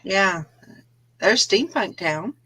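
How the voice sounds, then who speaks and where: A woman's voice: mid-range voice, lively intonation, slow, pushed and bright, slightly rough, soft background music. A woman co-hosting a casual live-stream morning show, laughing easily and trailing off mid-sentence. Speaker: co-host of a reseller morning show.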